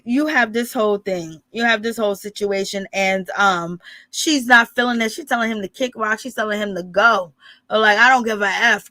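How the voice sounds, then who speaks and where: Female streamer, chatty and animated, higher register, dry close mic. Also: dry recording. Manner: animated, greets chat viewers, acts out quotes. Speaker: reality TV commentary host. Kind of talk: casual live-stream commentary.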